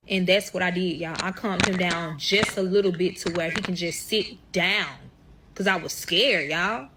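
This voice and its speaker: A woman's voice: fairly low pitch, moderate pace, background noise. A young woman telling a story to camera in a casual storytime style, swearing often and calling her viewers y'all. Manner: profane, addresses viewers as y'all.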